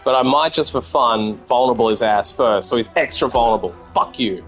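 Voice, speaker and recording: A man's voice: medium pitch, brisk, a bit bright, soft background music. An Australian man streaming a card game, chatting with viewers and swearing freely as he plays. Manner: chatty and profane, talking to chat. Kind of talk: casual gameplay commentary.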